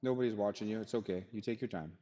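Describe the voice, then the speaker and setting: A man's voice: on the low side, rapid-fire, warm tone. A man directing and announcing a live RC car race over a PA, friendly, chatty and apologetic toward the drivers. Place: indoor RC race track in a hobby shop. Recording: long reverb in a large hall.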